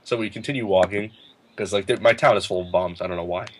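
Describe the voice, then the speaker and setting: A man in his late teens, a podcast guest, telling a story in a lively way, laughing often and acting out the other people's lines in a raised voice. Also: fast, a little hiss or hum. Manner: animated, laughing, acts out quotes in a higher voice. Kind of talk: casual storytelling.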